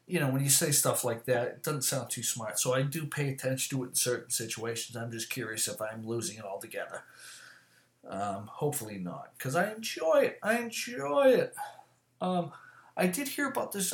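A man chatting casually to camera, rambling and swearing often, with lots of fillers and quick self-corrections. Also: medium pitch. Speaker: vlogger. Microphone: camera mic. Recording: echoey room.

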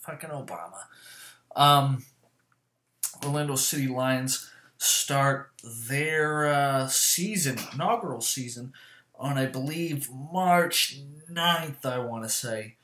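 A man's voice: medium pitch, slow pace, pushed and bright. Profane, rambling man in an echoey room. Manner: rambling, profane, fillers and self-corrections. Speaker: vlogger. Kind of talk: casual chat to camera. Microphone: camera mic.

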